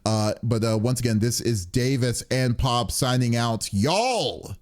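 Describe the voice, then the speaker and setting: A man's voice: mid-range voice, lively intonation, a little slow. Rambling male podcast host. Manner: rambling, with frequent restarts and filler. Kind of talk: casual gaming podcast chat.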